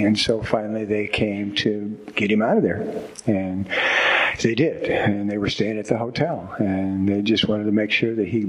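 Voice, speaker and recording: A man's voice: lowish voice, slightly rough, low-quality recording. A man speaking to a group at a recovery meeting, giving a candid, reflective personal testimony with wry humor.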